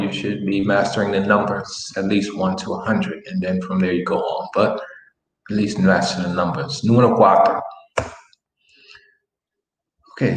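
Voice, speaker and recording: A man teaching a Spanish lesson in a relaxed way, repeating example phrases slowly as he writes them out. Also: fairly low pitch. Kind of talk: online language lesson. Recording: echoey room with faint noise.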